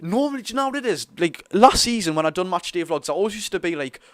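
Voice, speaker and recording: A young man from North East England with a Geordie accent hosts a live football watch-along, speaking in a high voice and talking fast. Chatty and excitable, he reads viewers' comments aloud, and the recording is dry.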